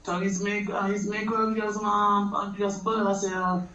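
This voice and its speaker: Man, high voice, rambling storyteller who laughs a lot; roomy, dull lo-fi recording. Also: completely flat delivery, brisk, pushed and bright. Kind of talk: casual storytelling. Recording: roomy, dull lo-fi sound with faint noise.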